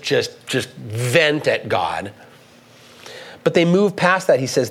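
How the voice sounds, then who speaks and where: Male pastor, earnest sermon delivery, slightly higher voice, lifts his pitch for scripture readings.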